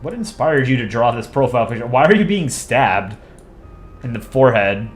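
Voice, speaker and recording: A man's voice: medium pitch, moderate pace, faint music behind. A young man streaming live, casually chatting with his viewers and answering their messages while he draws. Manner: relaxed, chatty, answers chat while drawing. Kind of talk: casual livestream chat.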